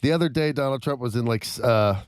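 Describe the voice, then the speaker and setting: A man's voice: mid-range voice, fast talker, clear, resonant tone, dry recording, studio quality. A man co-hosting a podcast, jokey and chiming in with asides. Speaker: podcast co-host. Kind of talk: casual chat.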